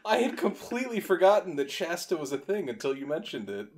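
A man's voice: fairly high pitch, sing-song, fairly quick. Young man cracking crude jokes. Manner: profane, joking, rambling. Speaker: podcast co-host. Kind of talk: casual chat.

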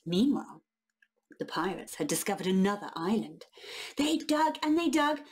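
A woman reading a children's picture book aloud, expressive and unhurried, with a breathy voice. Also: mid-range voice. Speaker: children's storyteller.

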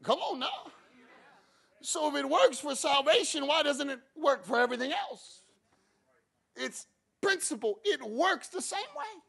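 Male pastor, bright and gravelly, sermon that builds to shouting. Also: very high-pitched, lively intonation, unhurried, pauses often. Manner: builds from quiet talk to shouted preaching; acts out his own prayers and God's replies.

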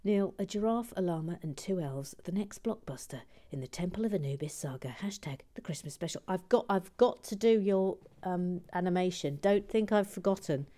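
A woman hosting a livestream and chatting casually as she builds and reads viewer messages aloud. She often drops into soft, whispered asides and is chatty, self-deprecating and full of restarts. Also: on the low side, animated, moderate pace, hardly any pauses. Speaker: livestream host.

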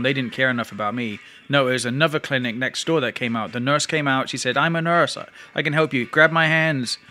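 Bright-voiced man retelling an ordeal. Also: medium pitch. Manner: rambling, emotional retelling with restarts. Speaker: vlogger. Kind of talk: casual storytelling to camera.

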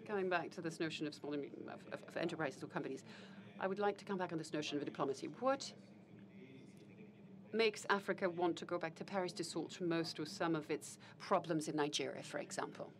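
A deep-voiced woman delivers live interpretation of a panel conversation, formal and measured in style. Her speech is halting, with frequent fillers and self-corrections partway through phrases.

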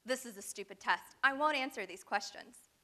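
A stubborn teenage girl , read by a woman, pushes back bluntly and insistently. The voice is high and bright, close to the reader's own. It has a storybook feel. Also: normal speed. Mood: exasperated.

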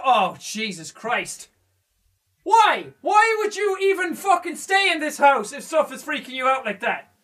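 A man commentating as he plays a horror game, jumpy, swearing and shouting when scared. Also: very high voice, recorded from a distance. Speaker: gamer playing a horror game. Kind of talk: let's play commentary.

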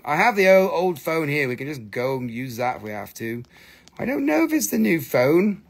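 Gravelly-voiced man hawking crystals live. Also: mid-range voice, moderate pace. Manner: excitable, swears freely, coaxes viewers to buy. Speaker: host selling crystals on a live stream. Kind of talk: live sales stream chat.

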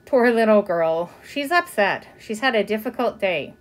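A woman reading the lines of a patient father who speaks in a measured way, close to her own voice. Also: medium pitch, animated, close to an everyday voice. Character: patient father, turning stern.

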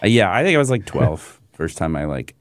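Man, podcast co-host, very deep voice, dry close sound, jokey, self-deprecating. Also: big pitch swings, brisk, dry recording. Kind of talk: casual chat.

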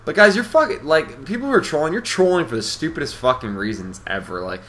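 A man's voice: fairly high pitch, lively intonation, quick pace, fairly bright tone. A young man giving casual, rambling commentary over gameplay, brash, boastful and full of swearing. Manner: rambling, with many fillers and restarts. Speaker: gaming commentator.

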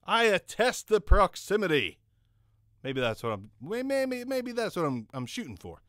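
A man's voice: high voice, sing-song, moderate pace, fairly bright tone, no room sound. A man casually reviewing a microphone he is testing, in a rambling, jokey, self-mocking way, recorded on a condenser studio mic in a home studio. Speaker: microphone reviewer and channel host. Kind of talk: casual gear review talk.

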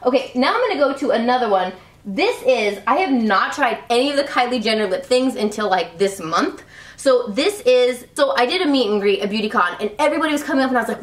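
A beauty vlogger in her thirties gushes over her favorite products, chatty and full of "like" and "love." Her slightly high voice has lively intonation and a quick pace, recorded roomy and a bit off-mic from a distance.

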